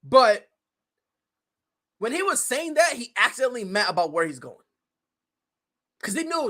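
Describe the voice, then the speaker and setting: Male podcast host, heated profane ranter, animated delivery, sharp bright tone. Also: very high-pitched, moderate pace, long pauses. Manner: profane, heated and opinionated, with frequent swearing. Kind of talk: casual ranting commentary.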